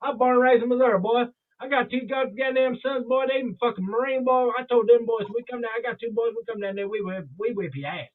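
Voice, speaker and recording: A man putting on a brash Missouri construction man with a deep Southern drawl, repeating "boy". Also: fast talker, hardly any pauses. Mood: brash boasting. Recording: tinny phone-like sound.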